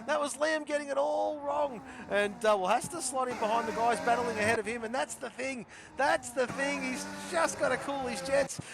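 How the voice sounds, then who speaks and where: A man commentating a sim racing league, chatty and repeating himself, his voice hoarse and giving out. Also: very high-pitched, moderate pace. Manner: chatty, repeats phrases, calls drivers by nicknames. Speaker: race commentator.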